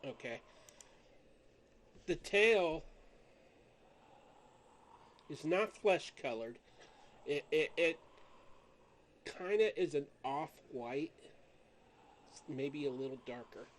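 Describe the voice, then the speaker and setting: Slow, halting man running a game. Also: on the high side, lively intonation. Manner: slow, halting descriptions with restarts. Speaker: game master. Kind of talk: narrating a tabletop game over a video call. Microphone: home microphone on a video call.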